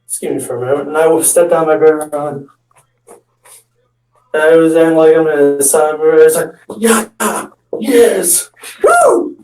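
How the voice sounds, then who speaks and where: A man's voice: on the high side, level tone, normal speed, long pauses, warm tone. A man telling a rambling comic story about his friends, with restarts and acting out what others said. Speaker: amateur stand-up storyteller. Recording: echoey room, mic far off.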